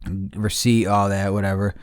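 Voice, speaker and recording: A man's voice: fairly low pitch, little pitch movement, normal speed, clear, resonant tone, dry recording, studio quality. A man hosting a podcast, telling a long story in casual, rambling fashion and swearing constantly. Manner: rambling, heavy swearing, laughs mid-story. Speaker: podcast host.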